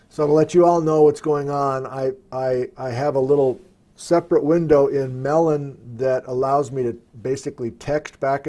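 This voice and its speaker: Working the software on his desktop computer, a man hosts a live Q&A stream and muses out loud as he goes. His voice is mid-range and his chat is casual.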